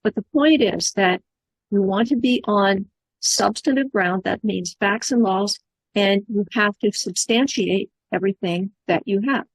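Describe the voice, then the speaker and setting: A woman's voice: mid-range voice, a little slow, breathy edge, no room sound, poor audio. Experienced female adviser on a group call, firm and instructive, dry sound. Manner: confident, instructive. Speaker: community advocacy adviser. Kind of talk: casual group discussion.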